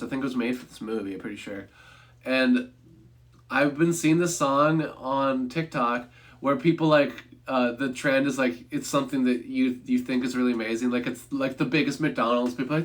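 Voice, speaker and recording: A man's voice: mid-range voice, brisk, fairly bright tone. A young man casually talking through a movie review on a livestream, rambling and correcting himself with offhand humor.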